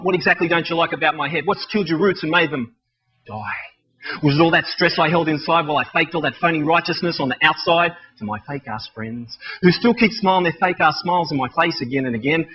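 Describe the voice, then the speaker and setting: A man's voice: on the high side, breathy edge, muffled recording. An Australian man in his thirties performing rhyming spoken-word poetry in a rhythmic, wry, self-mocking delivery. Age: 30s.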